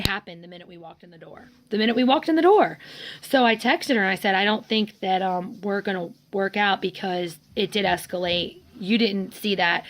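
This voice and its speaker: A woman's voice: medium pitch, fairly bright tone. Upset woman venting about her marriage. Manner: emotional, venting, quoting others in dialogue. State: tearful. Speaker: vlogger. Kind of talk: personal vlog storytelling.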